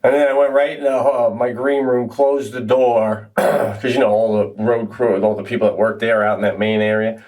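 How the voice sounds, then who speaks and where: A man co-hosts a casual podcast, spinning long stories with a loose, profane, laughing delivery. His voice climbs sharply when he gets excited, and he sits a little back from the mic, so he sounds slightly distant. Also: normal speed, few pauses. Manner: animated, swears and laughs while telling stories, pitch jumps up when excited. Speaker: podcast co-host. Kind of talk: casual storytelling chat.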